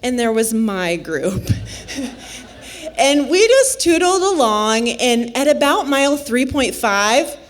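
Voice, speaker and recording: Storyteller: woman from Nebraska, playful, laughs a lot, takes her time. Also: a little high. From Nebraska, USA. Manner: unhurried, playful, laughs often. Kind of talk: live personal storytelling.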